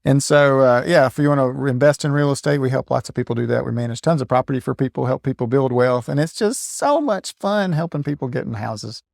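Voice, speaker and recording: A man's voice: medium pitch, creaky, a little mellow, no echo, clean studio sound. A man hosting a podcast, chatting with a guest in an upbeat, enthusiastic way. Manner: upbeat and enthusiastic, quick to agree. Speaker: podcast host. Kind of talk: casual interview chat.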